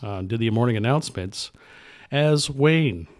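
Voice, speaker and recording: A jokey man co-hosts a relaxed podcast about movies. His voice sits in the middle of the male range, and he keeps dropping film lines into the chat. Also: medium pitch, a little slow. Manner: jokey, quotes films. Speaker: podcast co-host. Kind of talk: casual chat.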